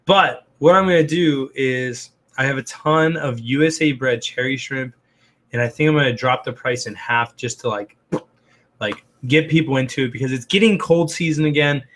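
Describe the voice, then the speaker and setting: A man with a raspy voice, hosting a casual livestream. He rambles with lots of "um" and "like" as he reads viewer comments aloud and answers them. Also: mid-range voice, moderate pace, fairly bright tone, slight background noise. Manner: rambling, heavy on "um" and "like". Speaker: livestream host.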